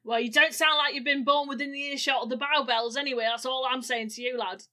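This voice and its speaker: A woman voicing a streetwise, gruff but friendly male crow who keeps calling people "lad". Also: sits high, fairly even intonation, fast, sharp tone. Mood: suspicious. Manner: chummy, calls others "lad".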